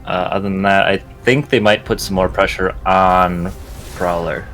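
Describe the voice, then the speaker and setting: Man, low voice, esports analyst, measured, faint music. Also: fairly even intonation, a bit bright.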